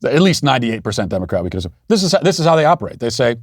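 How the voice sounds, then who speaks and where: A man's voice: medium pitch, very animated, very fast, hardly any pauses, no room sound, clean studio sound. A man hosting a political commentary show, talking in a sarcastic, mocking monologue and putting on sneering voices for the people he quotes.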